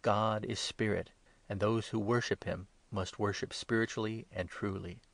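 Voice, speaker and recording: A calm, authoritative teacher speaks earnestly in a low, gravelly voice, as a man reads his lines. The delivery stays measured and instructive. The sound is dry and close. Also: dry recording. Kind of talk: scripted Bible reading.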